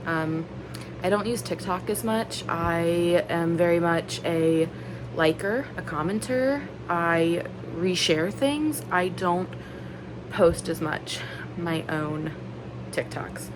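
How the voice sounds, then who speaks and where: A book vlogger in her thirties chats casually, rambling earnestly and openly emotional, her speech packed with "like" and "um." Her voice is on the low side. The background is noisy.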